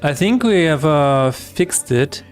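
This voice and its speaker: A man's voice: on the high side, animated, slow, soft background music. A man streaming his game development work, talking through each step aloud in a chatty, self-correcting way. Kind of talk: live-streamed coding chat.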